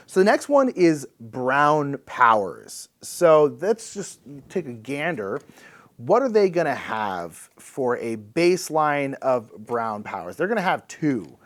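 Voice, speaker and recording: A man casually talking through a solo board game, thinking aloud as he explains the rules, upbeat and playful. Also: on the high side. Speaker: board game channel host.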